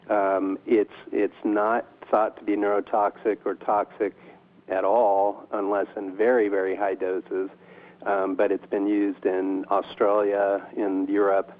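A man speaking as a doctor guest in an interview, hesitant with many ums and restarts. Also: low voice. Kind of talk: interview over the phone. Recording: tinny phone line.

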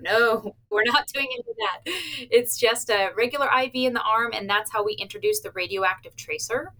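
An interview with a woman on cardiac stress test staff finds her upbeat and straightforward, laughing a little and quoting patients playfully. She talks fairly quickly at a medium pitch, with a sharp tone.

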